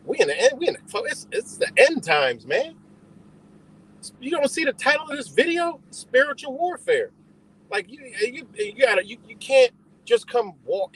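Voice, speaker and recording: A man's voice: extremely high pitch, slightly rough, low-quality recording. A man hosting a live stream, rambling and swearing as he confronts his chat and answers their questions. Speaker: livestream host. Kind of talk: ranting live stream talk.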